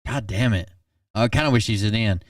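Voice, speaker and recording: A man hosting a channel, reading text messages aloud in a flat, deadpan way and adding blunt asides. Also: on the low side, normal speed, no echo, studio quality, far from the mic.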